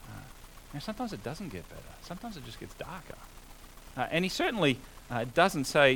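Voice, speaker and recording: A man's voice: a little high, very animated, fairly quick, vocal fry, fairly bright tone, a little hiss or hum, poor audio. A man preaching a sermon, earnest and conversational, building to emphatic exhortation with rhetorical questions.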